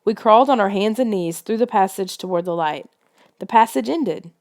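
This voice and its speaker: This audiobook reader performs scripted narration of a children's adventure tale with suspense and tension. She speaks at a normal speed with a medium-pitched, darkish voice.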